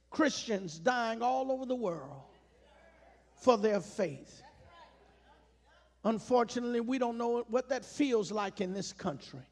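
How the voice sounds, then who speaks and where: High-voiced, slow preaching man. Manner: emphatic call-and-response preaching; repeats phrases for rhythm. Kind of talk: sermon.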